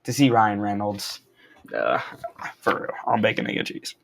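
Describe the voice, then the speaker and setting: A young man recapping and reviewing a comic book in a casual, slangy, excitable way, wearing a corded mic as he moves around. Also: fairly low pitch, normal speed, gravelly, slight background noise. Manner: slangy and excitable, lots of "bro" and "like". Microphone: wearing a corded mic while walking around.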